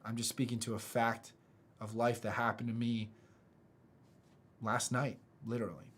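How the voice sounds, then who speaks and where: Man, from the United States, motivational speaker, casual online talk, earnest, halting, frequent restarts, middle pitch. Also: flat delivery, a bit bright.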